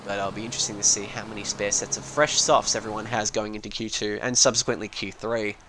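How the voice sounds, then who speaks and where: A man's voice: lowish voice, fairly even intonation, quick pace, background noise. Chatty man commentating a race. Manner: chatty, rambling, joking asides. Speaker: sim racing commentator. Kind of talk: live stream race commentary.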